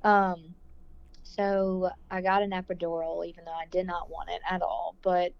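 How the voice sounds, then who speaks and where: A woman's voice: on the low side, little pitch movement, moderate pace, gravelly, clean tone. A woman guest telling her birth story in casual conversation, emotional and rambling, with a lot of "like". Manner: emotional, rambling, heavy use of "like". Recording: dull lo-fi dry sound.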